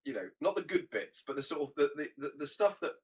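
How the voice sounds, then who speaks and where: A man's voice: fairly high pitch, lively intonation, fast talker, low-quality recording. A man co-hosting a film review podcast, chuckling often and searching for words in casual chat. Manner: laughs often, hesitant restarts. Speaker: podcast co-host.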